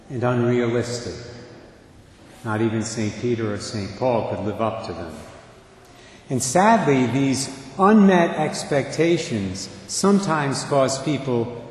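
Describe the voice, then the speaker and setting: Older male priest preaching a homily, measured and wry, booming reverb of a big church, faint room noise behind. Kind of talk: sermon. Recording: echoey church with long reverb.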